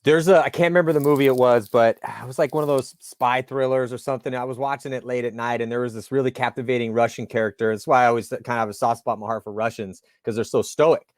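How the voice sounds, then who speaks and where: A man's voice: medium pitch, steady tone, quick pace, few pauses, dry recording, clean studio sound. A man hosting an interview, chatting in a laid-back way and telling stories. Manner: laid-back storyteller, calls the guest dude. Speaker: interview host. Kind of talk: casual interview chat.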